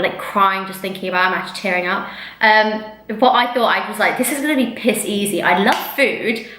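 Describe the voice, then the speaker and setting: Young woman, rambling vlog chat, bright tone, camera mic, roomy echo. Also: medium pitch. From England. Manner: chatty and rambling, lots of "um" and "like". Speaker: fitness vlogger.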